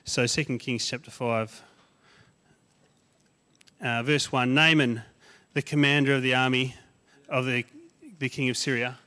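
A man delivers a sermon in a conversational way, with a voice of ordinary middle pitch for a man. He builds emphatic lists loudly and climbs in pitch, then drops to a soft, quiet tone for asides. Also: fairly even intonation, a little slow, smooth. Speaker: guest preacher.

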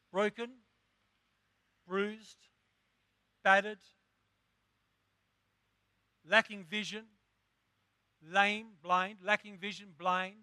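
A man preaching a sermon as pastor, impassioned, drawing out words slowly for emphasis and rising to shouts. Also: sits high, no room sound, clean studio sound.

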